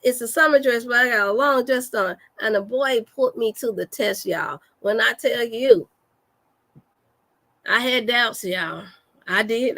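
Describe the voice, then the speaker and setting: A woman, a wellness host telling an animated, folksy story to her listeners and laughing often. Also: medium pitch. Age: 40s. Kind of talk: storytelling to a live audience.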